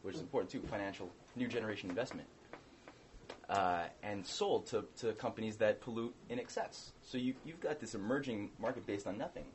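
Male co-host, lowish voice, rambling delivery full of restarts, faint background hiss. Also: a little fast. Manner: rambling, hesitant, with many restarts. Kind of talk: casual political chat.

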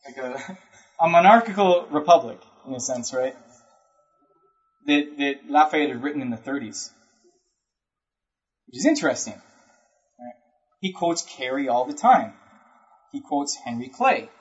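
A man's voice: mid-range voice, animated. Man lecturing casually, tagging "right?". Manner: conversational, keeps checking in with "right?"; acts out historical speakers in quick asides. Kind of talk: informal history lecture. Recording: dull lo-fi recording.

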